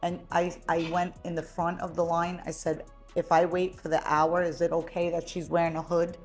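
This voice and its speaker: A woman hosting a podcast, telling a story in casual chat. She is blunt and profane, and she gets loud when she is heated. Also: lowish voice, flat delivery, normal speed, faint music behind. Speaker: podcast host.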